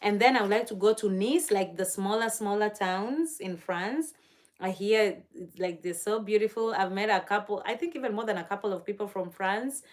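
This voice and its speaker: A young Kenyan woman hosts a casual live stream at a normal speed, her voice in an ordinary mid-range register. She chats in a loose, gushing way, laughs often, and answers viewers' comments as they come in.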